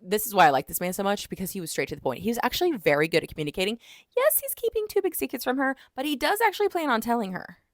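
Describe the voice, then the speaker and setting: A woman chatting casually as she reviews a book, retelling it in an animated way with lots of "like". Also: a little high, racing, no echo, clean studio sound.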